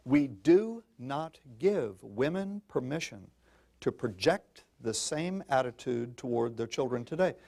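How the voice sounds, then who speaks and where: An older man lectures a room of parents with a gravelly, rough-edged voice. His pitch swings widely as he presses each point, in a folksy and insistent manner, turning to the audience as folks. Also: lively intonation, a little slow, warm tone. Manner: emphatic, folksy, addresses listeners as folks. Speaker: parenting speaker. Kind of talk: public talk to an audience.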